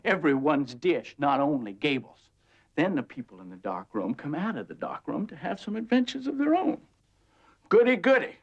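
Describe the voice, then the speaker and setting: A man's voice: fairly high pitch, very animated, moderate pace, dull audio. An actor playing a dreamy, restless young man, brooding and bitter, in a 1950s film. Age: young adult. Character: restless young man yearning to leave home. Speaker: restless son.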